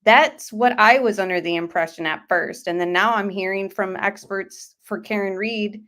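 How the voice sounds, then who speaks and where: A woman's voice: mid-range voice, normal speed, a bit bright. A woman hosting a true crime livestream, talking casually and rambling with many fillers and hedges.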